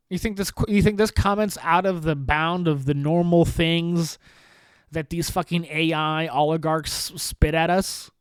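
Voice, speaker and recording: A man's voice: fairly high pitch, no echo. A man hosting a solo podcast, talking in a sarcastic, profane ranting commentary. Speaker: podcast host.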